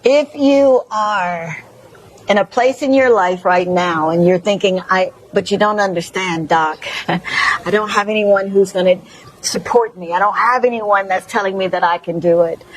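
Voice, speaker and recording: A woman's voice: medium pitch, unhurried, poor audio. A woman with a Mississippi accent hosting a talk show, effusive and preachy as she gushes praise and encouragement. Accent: Southern US, Mississippi. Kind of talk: emotional, encouraging chat show closing.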